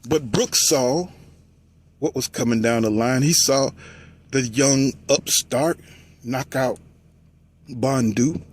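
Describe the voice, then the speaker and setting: A man talking casually about boxing, telling the story with lively delivery and mocking voices for the people he quotes. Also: mid-range voice, slightly rough. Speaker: boxing commentator.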